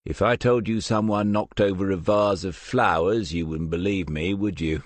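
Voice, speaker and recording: A man's voice: low-pitched, fairly even intonation, normal speed, dry recording. A man reading the part of a weary lay brother and former convict who talks in a dry, blunt, self-mocking way, in an audiobook. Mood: wry.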